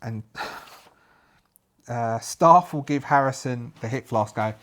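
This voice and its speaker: A man's voice: mid-range voice, takes it slowly, a bit bright. A man narrating his solo tabletop game, talking through dice rolls and rules aloud.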